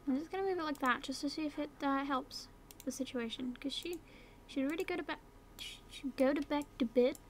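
Speaking fairly quickly in a high voice, with slight background noise, a young British YouTuber narrates a life-sim game in casual let's-play fashion. She gives her characters orders, uses whispers and silly voices, and swears casually.

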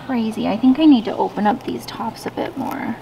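A woman's voice: a little high, fairly quick, creaky, dark tone. A woman vlogging at home in a casual, chatty way, often laughing and poking fun at herself. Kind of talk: casual vlog chat. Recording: noisy home recording.

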